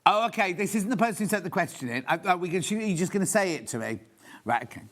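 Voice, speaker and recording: Man, middle-aged, shopping show presenter, rambling chatty delivery, fairly high voice. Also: animated, fast talker, a bit bright. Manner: chatty, rambling, self-deprecating. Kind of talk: live shopping show chat.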